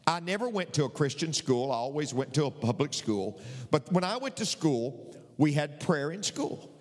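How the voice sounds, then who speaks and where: A man's voice: fairly high pitch, very animated, normal speed, in a large hall. An older male pastor preaching a sermon in an emphatic, repetitive, folksy way with bits of humor.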